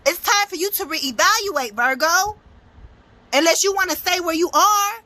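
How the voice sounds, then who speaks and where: A woman's voice: very high-pitched, moderate pace, sharp tone. A young adult woman giving a blunt, profane, emphatic motivational tarot reading. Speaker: motivational speaker and tarot reader.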